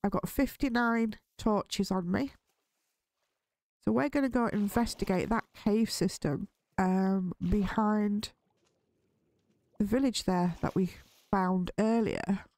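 A woman's voice: medium pitch, takes it slowly, a little mellow, no room sound. Gaming host, female, easygoing let's-play patter, jumpy in scary moments, dry close sound. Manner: chatty, easily spooked, nervous laughs. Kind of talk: relaxed Minecraft let's play commentary.

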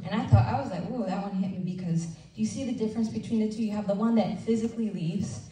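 A woman leading a women's ministry breakfast, preaching in a conversational, animated way and acting out little asides. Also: mid-range voice, fast talker. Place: church event room. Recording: roomy hall sound from a distant mic with faint noise.

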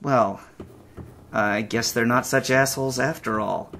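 A man voicing a stranded space survivor who mutters to himself in a halting way. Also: mid-range voice, vocal fry. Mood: worried. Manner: talks to himself, halting, rising to panicked shouts. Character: stranded male space survivor, anxious and curious. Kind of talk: acted game narration.

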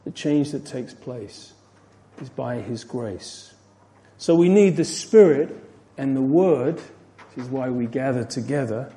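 A man teaching an expository Bible study, earnest, rising when he stresses a point and falling soft at its close. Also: a little high. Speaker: pastor.

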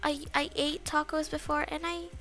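A woman commenting on her own video game play, excitable and quick to gasp and shriek in fright. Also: sits high, soft background music. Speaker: gaming channel host. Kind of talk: Roblox gameplay commentary.

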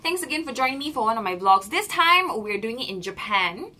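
Young malaysian lady chatting to camera in her little room, high-ish voice, super animated. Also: fairly quick. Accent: Malaysian English. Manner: bubbly, animated, lots of "lah" and "okay". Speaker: vlogger. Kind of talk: casual vlog storytelling. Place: small room.

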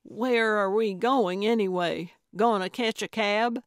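A woman voicing a spry, nosy elderly female sleuth who asks eager, excitable questions. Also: mid-range voice, slow pace, no echo, studio quality, natural voice.

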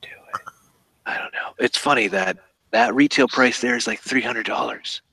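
Bright-voiced man chatting casually. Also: medium pitch, steady tone, normal speed, vocal fry, slightly rough, dry recording, whispered, poor audio. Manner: rambling, thinking aloud with fillers. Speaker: podcast host. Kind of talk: casual chat about collectible toys.

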